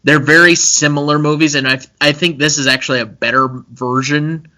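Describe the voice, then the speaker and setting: A man's voice: fairly high pitch, fairly even intonation, normal speed, pushed and bright. A young man co-hosting a casual movie-review podcast, chatty and analytical, with frequent fillers. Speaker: podcast co-host.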